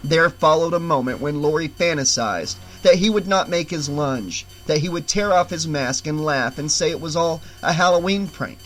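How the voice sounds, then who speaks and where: A man narrating a horror audiobook in a measured, suspenseful way, slowing down for the tense moments. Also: a little high, fairly bright tone, faint music behind, rough recording.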